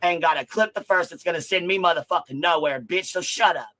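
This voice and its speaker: Angry swearing man with a higher voice. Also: quick pace, pushed and bright. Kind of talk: angry rant on a livestream.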